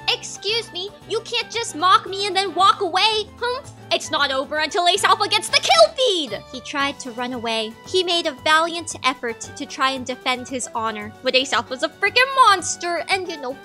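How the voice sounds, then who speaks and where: A woman's voice: sits high, sing-song, normal speed, hardly any pauses, pushed and bright, faint music behind. A young woman hosting a gaming channel, narrating gameplay in a playful, mock-boastful, trash-talking way. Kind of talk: comedic gameplay voice-over.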